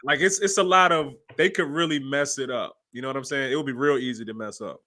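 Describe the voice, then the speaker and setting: Male co-host with a bright tone, opinionated, chips in short remarks. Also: mid-range voice, fast talker. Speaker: podcast co-host. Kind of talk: casual chat.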